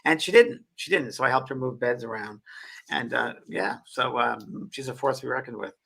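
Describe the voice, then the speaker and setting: An older man hosting a casual talk show, telling stories in an animated way. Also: medium pitch, gravelly, slightly rough. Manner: storytelling, animated, quick. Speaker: host. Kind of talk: casual conversation.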